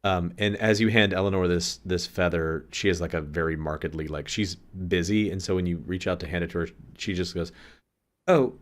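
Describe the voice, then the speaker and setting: A man narrates as game master for a tabletop role-play game with a low, deep voice. He talks casually, with plenty of fillers, and laughs often. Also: fairly even intonation, brisk, few pauses.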